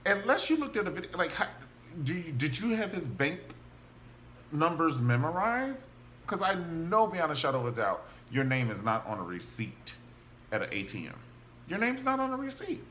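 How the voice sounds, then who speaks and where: A man casually recapping a TV drama, gossipy and animated, acting out the characters' lines as he goes. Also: on the high side, normal speed, a little hiss or hum. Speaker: TV show reviewer.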